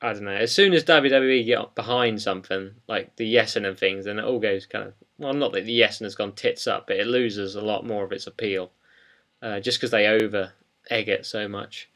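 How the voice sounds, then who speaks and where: A man's voice: on the low side, moderate pace, fairly bright tone. A young man co-hosting a wrestling podcast in casual chat, rambling and hesitant, with many ums. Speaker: podcast co-host.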